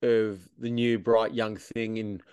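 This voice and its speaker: A man co-hosting a casual sports podcast, talking in an animated way. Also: fairly low pitch, slow pace, smooth, no room sound. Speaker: podcast co-host.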